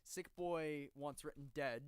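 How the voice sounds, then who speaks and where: A man co-hosting a podcast in casual chat, retelling stories with lively energy and plenty of swearing. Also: fairly high pitch, measured pace, clear, resonant tone, no room sound. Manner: animated storyteller, swears freely. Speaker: podcast co-host.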